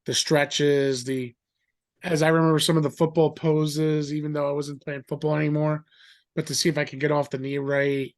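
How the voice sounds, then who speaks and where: A middle-aged man telling a story in a rambling, animated way, acting out the voices of others. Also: on the high side, moderate pace. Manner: animated, acts out quoted voices; rambling with fillers and restarts. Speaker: guest. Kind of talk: casual storytelling.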